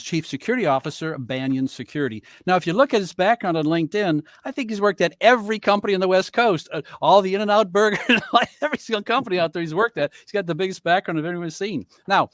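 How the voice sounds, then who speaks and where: A man's voice: a little high, no room sound, studio quality. A man moderating an online panel, introducing guests with playful teasing jokes over a video call. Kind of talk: joking webinar moderation.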